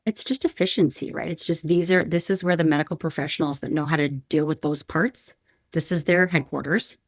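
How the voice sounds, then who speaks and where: A woman's voice: low-pitched, fairly even intonation, brisk, no echo, studio quality. A woman in her thirties, a podcast guest, telling a painful personal story candidly, frank and emotional with many restarts.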